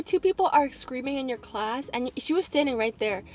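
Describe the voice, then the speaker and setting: A young woman vlogger telling a casual storytime, animated, acting out the other people's lines. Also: high-pitched, moderate pace, heavy background noise. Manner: animated, acts out quotes.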